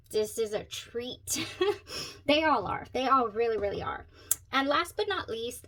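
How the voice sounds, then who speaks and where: Middle-aged woman, fairly high voice, chatty and giggly, casual review tone. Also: fairly bright tone. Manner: chatty, laughs often, self-corrects. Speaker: perfume reviewer.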